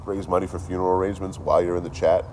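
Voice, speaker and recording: Deep-voiced man with a dry, joking delivery. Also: flat delivery, racing, mellow, a little hiss or hum. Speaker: livestream host. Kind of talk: casual livestream chat.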